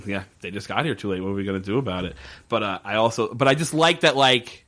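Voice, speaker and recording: Hosting a casual podcast, a man with a fairly low voice talks fast as he animatedly retells a TV episode. He swears freely and acts out the characters' lines.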